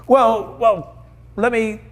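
A man's voice: extremely high pitch, fairly even intonation, drawn-out words, exaggerated voice. A preacher playing a puzzled male angel who questions a newcomer in disbelief. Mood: baffled. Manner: incredulous, questioning.

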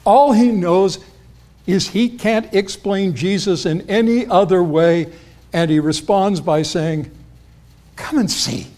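A man preaching with a slightly raised pitch. He talks to the congregation conversationally and acts out the quoted lines with lifted voice. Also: takes it slowly, warm tone. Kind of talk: expository sermon.

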